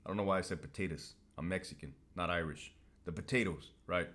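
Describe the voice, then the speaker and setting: A man's voice: sits low, fast talker, fairly bright tone. A man hosting a casual monologue to camera, talking in a blunt, profane, streetwise way. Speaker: host.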